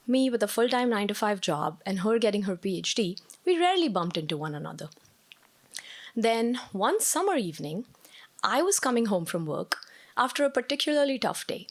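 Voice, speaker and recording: A woman performing a personal story on stage at a live storytelling show, with a wry, self-mocking delivery. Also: medium pitch.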